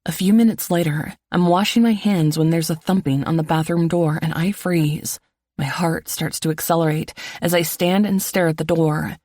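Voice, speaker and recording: A woman narrating a first-person romance audiobook in an even, low-key reading voice. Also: normal speed, no echo, studio quality.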